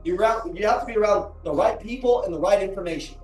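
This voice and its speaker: A man with a high voice and darkish tone talks fast, giving an emotional, earnest motivational speech in a large room and repeating lines for emphasis. Recorded from a distance, the sound is roomy with faint music.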